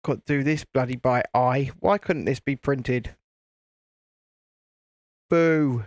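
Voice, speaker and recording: A man's voice: medium pitch, slow, no echo. A man hosting a casual live stream, chatting and laughing while he builds, with mild swearing and frequent restarts. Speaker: host.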